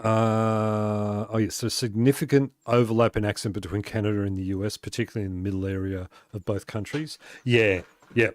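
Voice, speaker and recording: A man's voice: fairly low pitch, fairly even intonation, a little fast, hardly any pauses, dry recording. Chatty male game streamer, dry close mic. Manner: chatty, laughs often, reads and answers chat aloud. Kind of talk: casual live-stream chat while playing.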